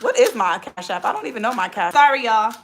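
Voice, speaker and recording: A woman in her thirties hosting a casual livestream on her phone, chatting quickly as she reads out viewer comments. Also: fairly high pitch, animated, a little hiss or hum. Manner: very fast, rapid-fire talker. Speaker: livestream host.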